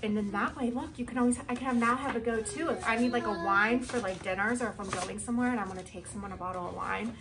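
A woman vlogging a casual product review at home, chatty and excitable as she gushes over each item. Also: a little high, fast, hardly any pauses, poor audio.

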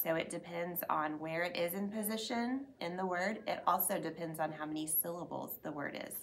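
A woman's voice: on the low side, normal speed, fairly bright tone. A woman reading teacher giving an upbeat school announcement segment, drawing out letter sounds to demonstrate them.

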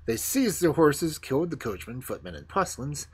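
A storyteller reading fairy tales aloud for a livestream audience, with a voice that swoops widely from low to high. The tone is breathy rather than clean. Character voices break into the narration now and then. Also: very animated, moderate pace.

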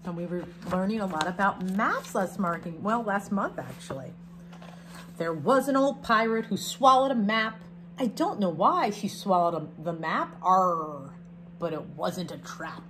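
A woman, a teacher reading a picture book aloud to her class, expressive, with chatty asides between the verses. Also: mid-range voice, normal speed, noisy background.

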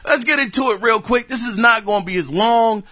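Man, high voice, bright and forceful, dry close sound, casual slangy podcast host, animated. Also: brisk, no echo. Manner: animated, slangy, talks straight to listeners. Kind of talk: casual solo podcast commentary.

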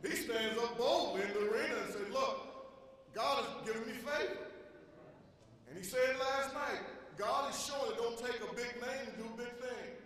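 A man preaching a sermon, swinging between loud, high bursts and low, quiet stretches. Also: a little fast, hardly any pauses. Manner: preaching with dramatic swings in pitch and volume. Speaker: pastor. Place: church sanctuary. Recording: echoey hall from a distance.

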